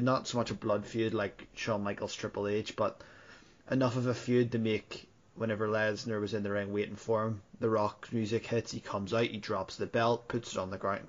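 Male co-host, low and flat delivery, measured review talk, muffled sound. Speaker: podcast co-host. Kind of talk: casual wrestling podcast review.

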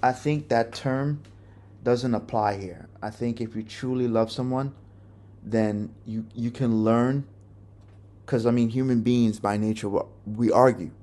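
A man's voice: mid-range voice, steady tone, unhurried, warm tone, a little hiss or hum. A young man hosting a podcast, telling a personal story in a candid, profane, rambling way with many restarts. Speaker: podcast host.

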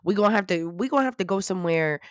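A young woman with a New York accent, hosting a casual podcast and telling stories in a sassy, animated way with plenty of swearing. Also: medium pitch, racing, no echo, studio quality. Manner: animated, sassy, swears freely, jumps into loud mocking voices. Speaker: podcast host. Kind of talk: casual storytelling chat.

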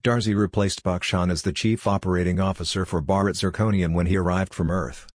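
For an audiobook, a man voices a polite, businesslike male detective who feels out of place and is eager to wrap things up quickly. He speaks fairly quickly in a low-pitched voice with fairly even intonation, and there's no room sound.

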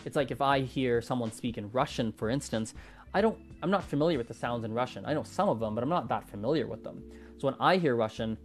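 A man's voice: medium pitch, darkish tone. A man talking through his views on language learning in a loose, thinking-aloud monologue full of restarts and fillers. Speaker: language-learning content creator. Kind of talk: casual monologue.

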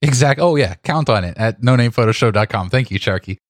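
A man co-hosting a casual photography podcast, animated and indignant, tripping over his restarts. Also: mid-range voice, brisk, no echo, studio quality. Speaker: podcast co-host.

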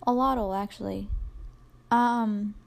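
Young woman podcasting solo, rambly and self-deprecating, lots of ums, mid pitch. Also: fairly even intonation, slow, vocal fry. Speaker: podcast host. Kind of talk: casual solo podcast monologue.

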